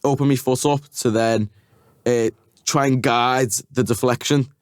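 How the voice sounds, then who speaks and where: A man's voice: medium pitch, fairly even intonation, a little slow, no echo. Hesitant man, dry studio sound. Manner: hesitant, many fillers and restarts, laughs. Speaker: podcast guest, TikToker. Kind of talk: casual chat. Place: podcast studio.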